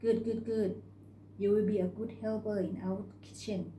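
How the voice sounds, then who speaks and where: A woman's voice: medium pitch, level tone, moderate pace, warm tone, a little hiss or hum, close to an everyday voice. A woman voicing a stout middle-aged woman who runs a restaurant kitchen, blunt and motherly. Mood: brisk. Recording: roomy recording.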